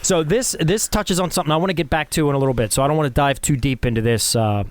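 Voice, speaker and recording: A man's voice: on the high side, fast. A man hosting a casual film discussion podcast, steering the talk and reading critics' quotes aloud. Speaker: podcast host.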